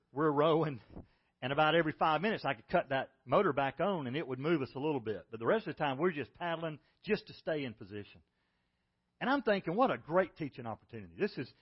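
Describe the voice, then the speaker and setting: Guy preaching, high-ish voice, goes loud then real soft, kinda muffled lo-fi audio. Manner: storytelling, swings between loud and hushed. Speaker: pastor. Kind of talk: sermon.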